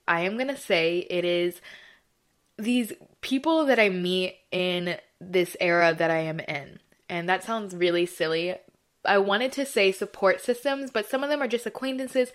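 A woman's voice: fairly low pitch, a bit bright. A young woman hosting her own podcast, talking in a casual, effusive way with lots of "like" and "you know" fillers. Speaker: podcast host. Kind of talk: casual solo podcast chat.

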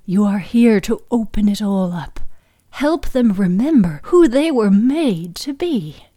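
A solemn ritual guide murmurs slow instructions in a whispered role-play, as a woman narrator puts her on. The voice is mellow and dark, with no room around it. Each instruction comes quietly and deliberately. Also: medium pitch, expressive, dry recording. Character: hushed woman guiding a healing ritual.

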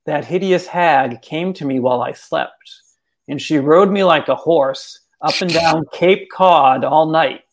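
A man's voice: fairly high pitch, measured pace. A man voicing a weary, bewitched male sea captain in a told story, in a dry, matter-of-fact way. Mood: deadpan.

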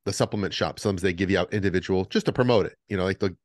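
Low-voiced man telling stories on a podcast. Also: racing, dry recording, clean studio sound. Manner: animated storyteller, acts out the voices in his stories. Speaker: podcast co-host. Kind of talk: casual podcast chat.

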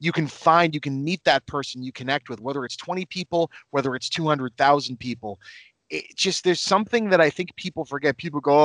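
A man's voice: on the high side, a little fast, a bit bright, no room sound. Enthusiastic podcast host man, dry close mic. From north of Boston. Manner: enthusiastic, rambling, self-deprecating. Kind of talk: casual podcast interview.

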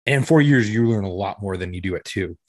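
A police officer telling a story in casual chat, acting out the dialogue and swearing freely. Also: male voice, lowish voice, expressive, fast talker, no echo.

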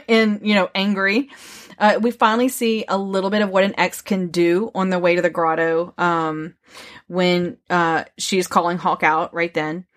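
A woman's voice: fairly low pitch, measured pace. Woman co-host laughing along, chatty book talk, lots of "like". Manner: animated, laughs often, backchannels a lot. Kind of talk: casual book discussion.

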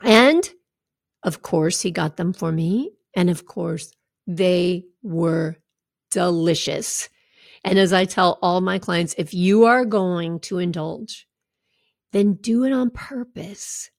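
A woman's voice: on the low side, slow, no room sound, studio quality. A middle-aged woman health coach talking candidly and conversationally, with asides to her listeners. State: recovering from a draining treatment. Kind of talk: casual personal talk to followers.

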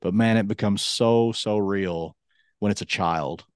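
A man's voice: lowish voice, measured pace, clear, resonant tone, dry recording, studio quality. A man in his thirties co-hosting a casual podcast, talking earnestly and dropping his voice when serious. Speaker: podcast co-host. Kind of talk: casual chat.

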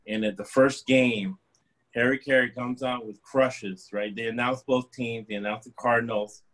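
A man co-hosting casual sports talk, telling anecdotes with lively delivery. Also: medium pitch, normal speed, low-quality recording. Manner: storytelling, animated anecdotes. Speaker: co-host.

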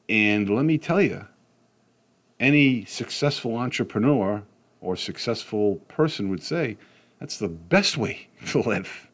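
A middle-aged man giving a casual motivational talk, rambling through stories with frequent asides and slowing down to stress his points. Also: on the low side, expressive. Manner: rambling, with frequent "you know what I mean" asides.

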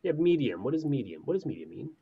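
A man's voice: mid-range voice, sing-song, vocal fry, crowd noise. Profane, jokey male podcast co-host, slightly dull recording. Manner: joking, profane, quick reactions. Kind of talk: casual true-crime chat.

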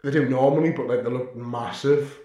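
Young bloke on a podcast, swears loads, blunt and crude, really echoey room. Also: male voice, mid-range voice, steady tone, fairly quick, mellow. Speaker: podcast co-host. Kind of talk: casual storytelling chat.

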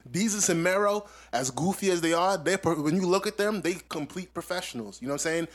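A man's voice: high-pitched, expressive, fairly quick. A man co-hosting a podcast in loose, slangy casual chat, laughing often. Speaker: podcast co-host.

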